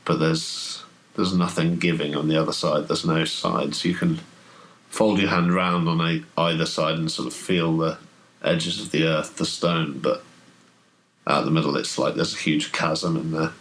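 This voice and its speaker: A man with a very low voice who narrates a horror tabletop game as game master. He describes scenes haltingly, stopping and restarting as he goes. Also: little pitch movement, a bit bright, rough recording. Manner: hesitant, halting description full of fillers.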